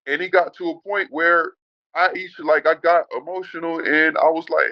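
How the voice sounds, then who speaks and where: A former student tells his story in an emotional interview on a call, speaking bluntly and heatedly, swearing and calling the host "bro." His voice is a little high with fairly even intonation at a moderate pace. The audio has no echo but the highs are cut off.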